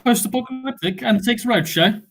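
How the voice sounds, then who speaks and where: Brief: man, soft-spoken, hesitant improv performer. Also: very high-pitched, brisk, soft background music. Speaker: improv comedian. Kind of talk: improv comedy on a video call.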